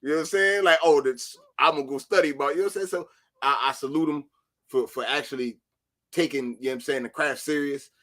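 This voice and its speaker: Profane dude in casual chat, bright tone, gets loud in bursts. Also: male voice, a little high, fast talker. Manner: animated, profane, jumps to shouting in bursts. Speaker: podcast co-host.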